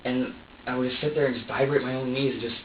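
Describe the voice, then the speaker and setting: A man's voice: mid-range voice, fairly even intonation, fast talker. Agitated guy confessing in an interrogation room, swearing, lots of restarts, roomy echo and faint hiss. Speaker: suspect in a police interrogation. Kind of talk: emotional confession. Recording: echoey, distant, dull room recording.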